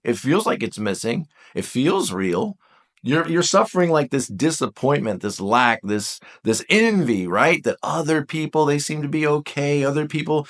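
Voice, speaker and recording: Animated man giving a spoken lesson. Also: fairly high pitch, moderate pace. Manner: animated, talks straight to the viewer; reads book passages aloud and comments. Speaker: Enneagram teacher.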